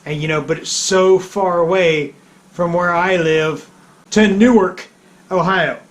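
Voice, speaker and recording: A man's voice: sits high, steady tone, a little slow. A man from the United States hosting a motorcycle vlog from his home garage, chatting casually in a joking, rambling, self-deprecating way. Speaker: motorcycle vlogger host. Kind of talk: casual chat to camera.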